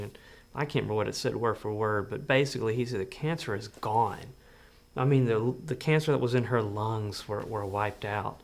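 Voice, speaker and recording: A father telling his story in a reflective interview, halting and earnest with many restarts. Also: fairly low pitch, creaky.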